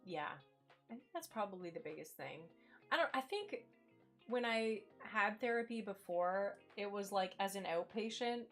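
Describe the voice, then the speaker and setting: A woman's voice: mid-range voice, lively intonation, moderate pace, a bit bright. A woman chatting candidly with her live-stream viewers while playing a game, filling her talk with "like". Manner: chatty and candid, fillers like "like" everywhere, greets chat. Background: faint game music.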